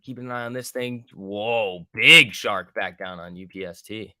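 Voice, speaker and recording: A man's voice: lowish voice, moderate pace, sharp tone, no room sound, clean studio sound. A man hosting a live trading stream, talking loosely and thinking aloud as he reads the market, with the odd swear word. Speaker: stock trading stream host. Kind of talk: casual live market commentary.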